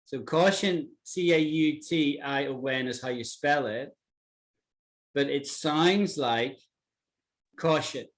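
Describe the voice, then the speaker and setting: Slow, patient British English teacher. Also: male voice, a little high. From Britain. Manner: patient, repeats words slowly to model pronunciation. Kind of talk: online English lesson.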